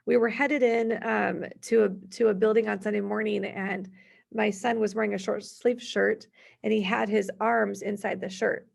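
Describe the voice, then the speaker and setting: Gravelly, husky-voiced woman presenter. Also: mid-range voice, little pitch movement, moderate pace. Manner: chatty, storytelling, gives worded examples. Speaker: parenting workshop presenter. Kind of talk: conversational workshop presentation.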